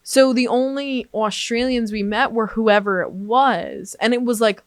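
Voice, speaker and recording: A woman's voice: a little high, a little slow, no echo. Chatty New York woman, dry close sound. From New York suburbs, USA. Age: young adult. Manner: animated storytelling, heavy "like", swears freely. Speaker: guest. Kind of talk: casual chat.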